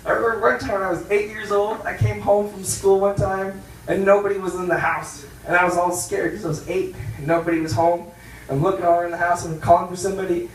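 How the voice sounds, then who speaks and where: A man's voice: high voice, flat delivery, fast, slight background noise. Male stand-up comedian, brash, profane, distant mic, echoey bar room. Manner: brash, profane, loud punchlines. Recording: roomy club sound from a distance.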